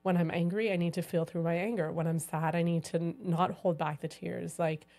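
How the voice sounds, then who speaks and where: Reflective woman podcast co-host, lowish voice. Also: steady tone, fairly quick, warm tone. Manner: reflective, says "like" often. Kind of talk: casual conversation.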